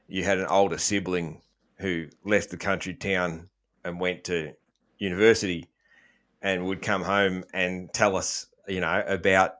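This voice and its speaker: Laid-back Australian man hosting a podcast. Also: sits low. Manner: relaxed, rambling, many "um"s. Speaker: podcast host. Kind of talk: casual podcast chat.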